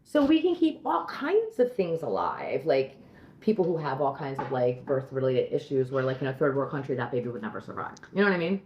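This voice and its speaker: A woman's voice: a bass voice, big pitch swings, a little fast, a little mellow, echoey room, slight background noise. A woman co-hosting a podcast, chatting casually in a blunt, rambling way and leaning heavily on "like". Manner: blunt, rambling, heavy use of "like". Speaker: podcast co-host, comedian. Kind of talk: casual chat.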